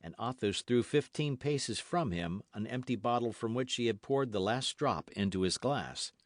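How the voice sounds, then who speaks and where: A man narrates a classic novel in a measured, expressive way. His intonation rises and falls with lively range. The sound is dry and close to the mic. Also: mid-range voice, no echo. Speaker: audiobook narrator. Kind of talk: scripted narration.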